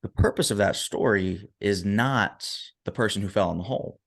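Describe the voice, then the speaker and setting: A motivational speaker tells a story as a podcast guest with a low male voice. He is emphatic and keeps checking in with the listener, which keeps the storytelling conversational. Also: moderate pace, vocal fry. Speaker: motivational speaker and performance coach.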